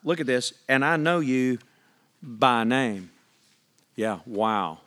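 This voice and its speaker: A pastor preaching a sermon, reading scripture aloud and asking the congregation questions in a conversational, emphatic way. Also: male voice, medium pitch, animated, slow pace, fairly bright tone.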